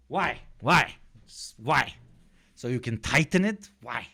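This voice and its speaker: Male stream host, cloth mask on, casual profane reaction talk, very animated pitch. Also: takes it slowly, long pauses, a little hiss or hum. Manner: profane, rambling, laughs often. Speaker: livestream host. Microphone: speaking through a cloth mask.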